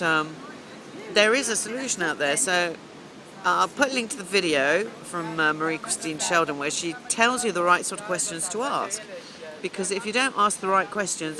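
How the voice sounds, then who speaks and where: A woman's voice: on the low side, rough recording. A middle-aged woman coach telling a long, rambling story in a casual vlog, chatting away as she goes. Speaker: business coach.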